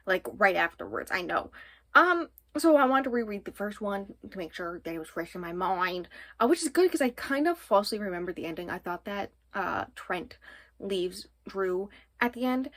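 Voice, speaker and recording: A woman's voice: medium pitch, a bit bright, dry recording. Young woman chatting about her monthly reads, rambly, lots of likes and ums, casual vlog talk. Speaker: book vlogger. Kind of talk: casual monthly reading wrap-up.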